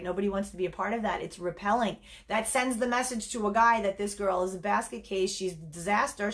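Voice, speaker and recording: Sassy, emphatic woman dating coach. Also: mid-range voice. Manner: emphatic, sassy and animated, calls viewers honey. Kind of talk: direct-to-camera advice talk.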